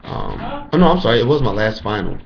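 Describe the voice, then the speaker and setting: A man's voice: mid-range voice, huge pitch swings, brisk, creaky, dull audio, a crowd in the background. A young man, a college student, telling his story in a rambling, profane rant full of fillers, recorded indoors on a camera mic. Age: young adult. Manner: profane, rambling, lots of "you know" fillers. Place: indoors at home, dim room.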